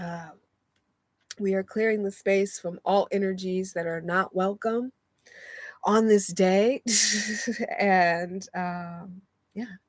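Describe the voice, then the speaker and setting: A young woman casually chatting on a live stream from inside her motorhome, animated and laughing often. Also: mid-range voice, dry recording. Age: young adult. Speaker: vlogger and oracle card reader.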